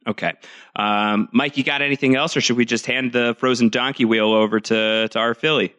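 A man's voice: mid-range voice, fairly even intonation, brisk, a bit bright. A man playing a tabletop game, describing his character's actions playfully and at length. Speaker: player.

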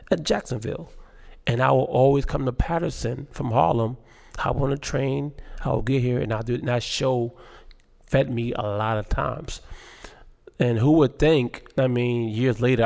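Guy comedian chatting in an interview, gravelly voice, laughs a lot, says like a ton. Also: medium pitch. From Baltimore. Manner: animated, laughs often, lots of fillers. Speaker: guest comedian. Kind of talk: casual storytelling interview.

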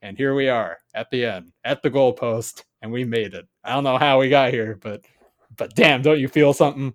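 A man's voice: mid-range voice, normal speed. A man co-hosting a casual podcast, ranting sarcastically about a movie, swearing often and rambling. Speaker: podcast co-host.

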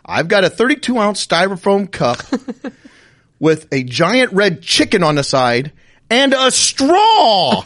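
Middle-aged man, high lively voice, co-host, animated storyteller who laughs through his lines. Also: measured pace. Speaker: podcast co-host. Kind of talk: casual storytelling chat.

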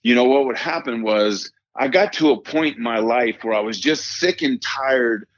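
A man's voice: medium pitch, moderate pace, highs cut off. A middle-aged man telling a personal story as a podcast guest, earnest and emphatic, often repeating phrases and saying "man". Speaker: guest, performance coach and former pitcher.

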